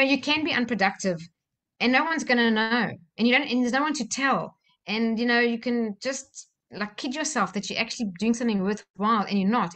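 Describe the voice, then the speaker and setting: A woman's voice: mid-range voice, a bit bright. A woman, a life coach speaking live from her home office and telling a personal story with plenty of fillers. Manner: chatty storytelling with many fillers. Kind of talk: live-streamed talk to viewers.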